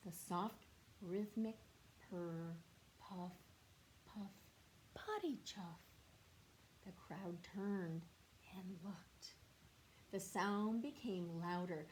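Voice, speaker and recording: Slow gentle woman reading to children. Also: medium pitch, a little hiss or hum. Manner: gentle, questioning, drops to whispers for kids. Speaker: teacher reading aloud. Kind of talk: children's read-aloud.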